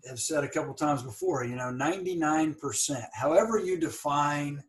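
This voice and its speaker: A man's voice: on the high side, moderate pace, rough recording. A man hosting an interview podcast, speaking reflectively with many fillers and occasional stuttered blocks. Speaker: podcast host. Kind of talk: casual interview conversation.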